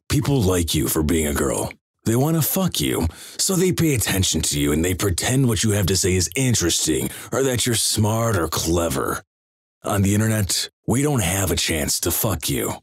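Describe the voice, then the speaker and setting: A man reading crude internet stories aloud in a deadpan way. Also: sits low, husky, no echo, clean studio sound. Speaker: narrator.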